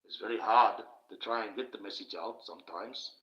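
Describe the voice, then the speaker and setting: This livestream host has a fairly low, slightly bright voice and talks briskly. At home at night, he rambles emphatically and stops to thank people in his chat, all captured in roomy, dull, lo-fi stream audio.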